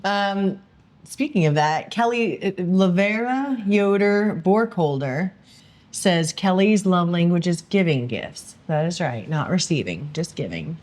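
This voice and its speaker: A woman's voice: fairly low pitch, lively intonation, unhurried, darkish tone. A woman co-hosting a casual podcast chat, teasing and laughing often. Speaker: podcast co-host.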